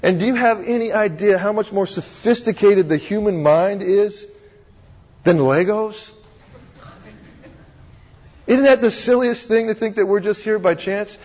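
Male pastor, higher-than-average voice, chatty sermon full of restarts and questions, dull lo-fi sound. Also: a little slow, pauses often, darkish tone. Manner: conversational, asks rhetorical questions, frequent restarts. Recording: dull recording in a reverberant hall.

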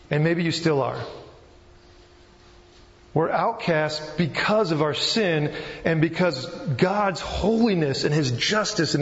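A man preaching a sermon, reading scripture and explaining it in an earnest, halting way with frequent restarts. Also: fairly high pitch. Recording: muffled, with long hall reverb.

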